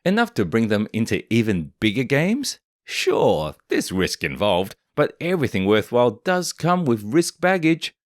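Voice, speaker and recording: A man's voice: medium pitch, huge pitch swings, normal speed, few pauses, no room sound, studio quality. Snarky man narrating commentary. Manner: snarky, opinionated. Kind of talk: scripted commentary voice-over.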